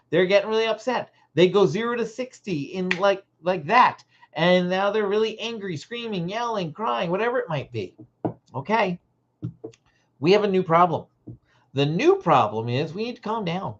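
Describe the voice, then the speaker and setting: A Christian parenting coach hosting a livestream, teaching parents in an animated way and acting out short dialogues. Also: mid-range voice, highs cut off.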